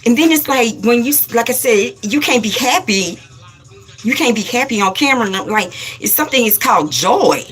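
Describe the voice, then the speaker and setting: A woman hosting a spiritual livestream, scolding viewers and repeating herself for emphasis in a rapid-fire way. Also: fairly high pitch, animated, fairly bright tone, soft background music. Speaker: livestream host.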